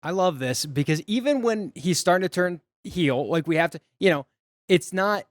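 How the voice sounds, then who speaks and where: Higher-voiced man recapping a movie. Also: animated, moderate pace, dry recording. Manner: rambling, retells scenes acting out character lines. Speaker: podcast co-host. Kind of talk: casual movie recap chat.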